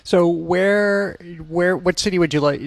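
A man's voice: sits high, measured pace, creaky, no echo. A man hosting a radio culture show, asking rambling, light questions and laughing often. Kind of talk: interview and show links.

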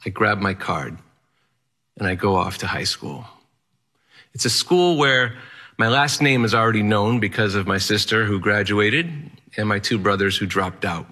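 Male storyteller: low-ish, bright and forceful voice, vivid dramatic delivery. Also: husky. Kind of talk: personal story told to an audience.

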